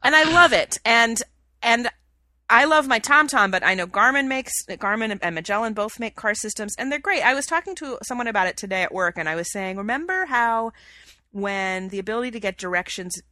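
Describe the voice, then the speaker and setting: A woman's voice: on the high side, expressive, fairly quick, bright, forceful tone, no room sound. A young woman co-hosting a podcast, chatting casually and gushing with enthusiasm. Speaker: podcast co-host. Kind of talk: casual chat.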